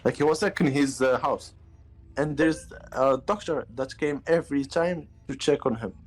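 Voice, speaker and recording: A man telling a story on a live stream, halting with many fillers. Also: mid-range voice, husky, soft background music.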